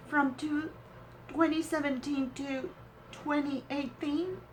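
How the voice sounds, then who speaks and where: A woman unboxing a craft swap package on her vlog, gushing and sentimental, with halting pauses and fillers. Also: on the high side, a little hiss or hum, low-quality recording. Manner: gushing and sentimental, exclaims often. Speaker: crafting vlogger.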